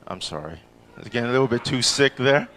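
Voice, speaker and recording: A male comic works a comedy club crowd in a live set, his mid-range voice animated and quick. He stumbles over restarts and breaks into loud impressions of the people he quotes.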